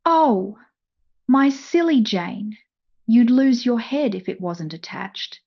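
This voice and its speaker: Lady putting on a sweet teasing husband, slow soft coaxing voice, kinda lo-fi. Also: high voice. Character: doting husband, gently teasing and reassuring.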